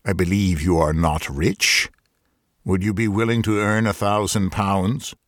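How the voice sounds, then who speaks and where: A man voicing a doomed, pale stranger who speaks in a hollow, distant low murmur, calm and grave. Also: a little slow, dry recording, studio quality. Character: doomed pale middle-aged man summoned by dead. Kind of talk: scripted narration of a Victorian ghost story.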